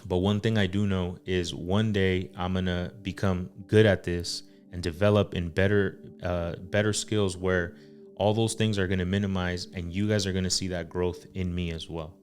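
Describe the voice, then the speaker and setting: A man, a husband and father, hosting a casual faith-based podcast and speaking earnestly, with many ums and pauses. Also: deep voice, little pitch movement, a little mellow, soft background music. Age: adult father. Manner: earnest, full of fillers and pauses. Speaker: podcast host.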